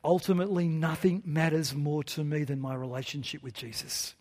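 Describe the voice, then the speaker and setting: Preacher doing a shy young guy, soft and earnest, kinda quiet, high voice. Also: fairly even intonation, brisk, big-room sound, close to an everyday voice. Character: nervous quiet young man giving testimony.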